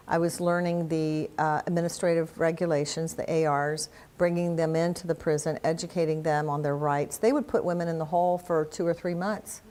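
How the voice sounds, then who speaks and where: An older woman speaks as an interview guest with a slightly low-pitched voice. She tells her stories with energy, laughs often, and restarts her sentences freely as she goes. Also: brisk, few pauses. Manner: animated storyteller, laughs often, many restarts. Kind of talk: conversational storytelling.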